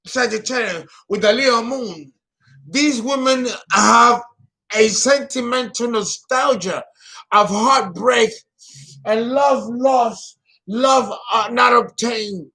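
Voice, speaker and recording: Slowly, a man delivers a laid-back vlog monologue in the role of an astrologer. The performance is emotional and showy, rising to loud bursts and sinking to low murmurs.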